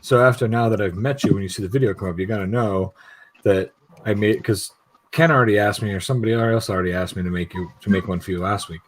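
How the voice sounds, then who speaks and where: A man's voice: fairly low pitch, quick pace, breathy edge, low-quality recording. A middle-aged man rambling and laughing in casual chat on a video call, swearing freely. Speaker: guest YouTube creator.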